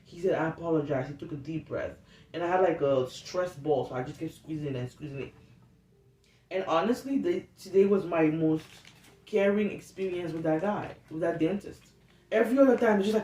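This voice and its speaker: Speaking at a moderate pace with a darkish tone and a voice on the low side, she delivers an unscripted casual monologue for her self-help vlog, candid, rambling and freely profane. Faint noise and a roomy, distant-mic sound come through.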